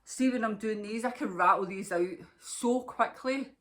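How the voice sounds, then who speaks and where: A woman's voice: on the high side, moderate pace. A Scottish woman hosting a knitting podcast, chatting casually to camera in a rambling way and laughing often.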